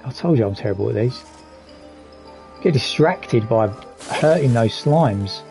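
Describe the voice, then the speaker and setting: Male streamer, gravelly and mellow, candid and reflective gameplay chat over faint music. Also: mid-range voice, expressive, a little slow, low-quality recording. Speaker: live streamer. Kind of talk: casual gaming stream commentary.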